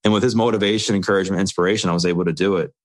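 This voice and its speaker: Low-voiced man telling his story earnestly. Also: fairly even intonation, racing. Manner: earnest, speaks in runs of short phrases. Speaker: interview guest. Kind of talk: candid personal storytelling.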